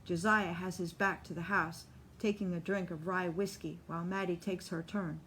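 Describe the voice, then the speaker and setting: A woman narrating an audiobook in a steady, measured reading voice. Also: on the low side, a little hiss or hum. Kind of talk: scripted narration.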